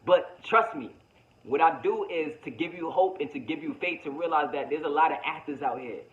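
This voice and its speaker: A man's voice: a little high, normal speed, muffled recording. A man vlogging a motivational monologue to his viewers, preachy and slangy, repeating himself and calling them baby.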